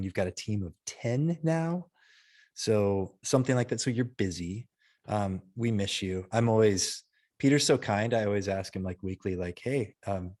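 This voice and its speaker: A man moderating a casual panel discussion, halting and full of fillers. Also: fairly low pitch. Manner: warm, halting, with many fillers.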